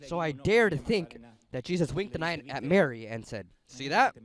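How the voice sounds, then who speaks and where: A middle-aged man preaching a sermon in an animated, conversational storytelling manner, talking straight to his audience. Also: a little high, moderate pace.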